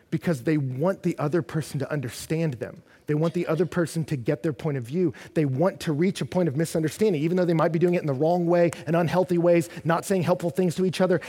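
A man preaching a sermon, earnest and building from quiet passages to loud, intense ones. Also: fairly high pitch, slightly rough. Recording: long reverb of a large hall.

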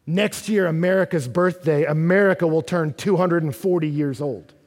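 A man preaching a sermon as a pastor, animated and rising to near-shouts at his peaks. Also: on the high side, moderate pace, long reverb tail.

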